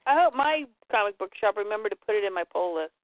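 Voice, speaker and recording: A woman casually recapping comic book stories, animated as she acts out the scenes. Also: medium pitch, fast, dry recording. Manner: animated, retells scenes and quotes characters. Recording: tinny phone-like line, dry.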